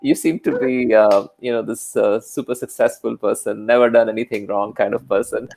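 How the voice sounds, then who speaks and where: A man's voice: medium pitch, fairly even intonation, moderate pace, vocal fry, a little mellow. A man interviewing a guest in a friendly, casual way, with short affirmations and laughs.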